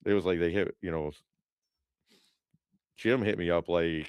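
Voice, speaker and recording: In clean, echo-free studio sound, a podcast co-host with a smooth, low, darkish voice talks unhurriedly. He chats casually, telling meandering stories packed with fillers and curse words.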